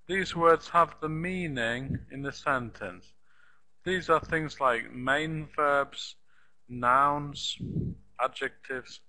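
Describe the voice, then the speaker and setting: Man, English teacher for beginners; slow, careful delivery, bright forceful tone, chants rhythm syllables. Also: mid-range voice, rough recording. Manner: slow, deliberate, repeats sentences for learners; claps out rhythm with "da da da". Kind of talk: live online language lesson.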